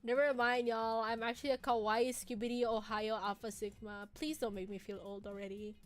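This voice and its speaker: A woman's voice: fairly high pitch, little pitch movement, fairly quick, soft background music. A woman in her twenties chatting casually on a live stream with her viewers, laughing often. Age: 20s.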